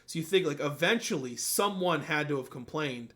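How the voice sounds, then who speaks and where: A podcast host with a slightly high voice at normal speed tells a story in a casual chat. He's an animated storyteller who swears freely and acts out quotes.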